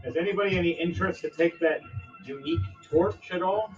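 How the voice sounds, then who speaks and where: A man narrating a tabletop role-playing game as game master, animated and laughing often, with casual swearing. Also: sits high, fairly quick, gravelly. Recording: dull lo-fi audio with faint music.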